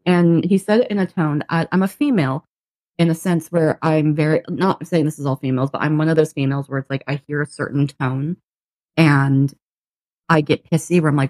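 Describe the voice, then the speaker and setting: A woman with a deep voice talks fairly quickly on a dry recording. Co-hosting a podcast, she tells a personal story in casual chat as an animated storyteller who acts out both sides of each exchange, laughs often, and swears casually.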